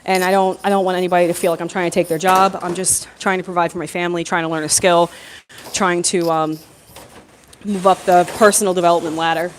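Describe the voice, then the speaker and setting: A young woman telling a work story on a live stream from her phone, chatty and animated, with lots of fillers and laughs. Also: fairly low pitch, slight background noise. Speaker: plumbing apprentice vlogger. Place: construction site building, indoors. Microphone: phone held in hand.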